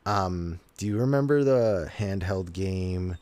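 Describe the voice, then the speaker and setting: Low-voiced rambling man. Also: lively intonation, slow pace, darkish tone. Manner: rambling storyteller, leans on "like". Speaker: podcast co-host. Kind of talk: casual podcast chat.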